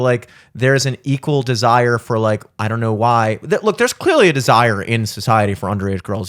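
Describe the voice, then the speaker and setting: Rambling young man swearing casually. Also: mid-range voice. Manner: rambling, swears often, lots of "like" fillers. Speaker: podcast host. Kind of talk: casual podcast chat.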